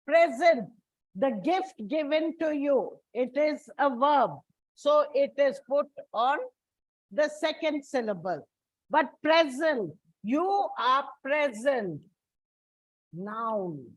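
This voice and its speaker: Slow, high-voiced woman teacher. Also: expressive, dry recording. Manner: slow, deliberate explaining, addresses students as children. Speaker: English teacher. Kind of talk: classroom lecture on word stress. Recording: dull lo-fi dry recording.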